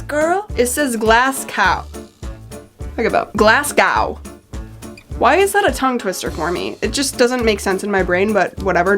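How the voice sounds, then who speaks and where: A young woman chatting casually about books at home, rambling, swearing, and reading out blurbs. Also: mid-range voice. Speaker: book vlogger.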